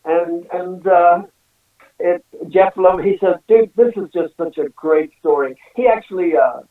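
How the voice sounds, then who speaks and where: A man's voice: sits high, measured pace. A man telling stories in a casual interview, chatting freely and laughing often. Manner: chatty storyteller, laughs often, many "you know"s. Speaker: singer and guest. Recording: tinny phone line, echoey and distant.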